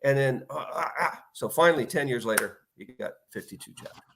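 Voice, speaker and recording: A man in his fifties, an author guest in a casual interview, telling stories and acting out quotes in lively bursts. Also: medium pitch, fairly quick, vocal fry, noisy background. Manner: animated storyteller, acts out quotes.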